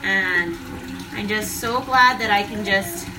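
A woman's voice: mid-range voice, slow, far from the mic, background noise. A woman in her thirties talking casually about her day as a mother, rambling with many fillers, at home in her kitchen. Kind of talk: casual vlog monologue. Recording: home recording a bit away from the mic, loud kitchen clatter. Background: dishes and cutlery clattering.

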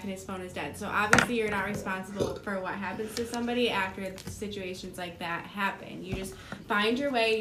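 A young woman co-hosting a podcast, telling her side in a matter-of-fact, teasing way. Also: medium pitch. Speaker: podcast co-host. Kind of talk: casual chat. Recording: echoey room with background noise.

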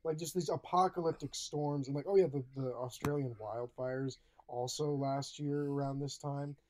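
A young man in casual podcast chat, rambling with lots of profanity. His voice sits at a middle pitch and jumps up when he gets worked up. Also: steady tone, moderate pace, a little mellow. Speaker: podcast co-host.

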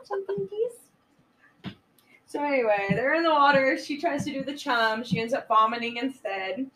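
A woman's voice: on the high side, fairly quick, fairly bright tone, far from the mic, rough recording. A woman chatting casually on a podcast, rambling through a movie plot and swearing freely. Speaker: podcast co-host. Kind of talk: casual chat recapping a movie.

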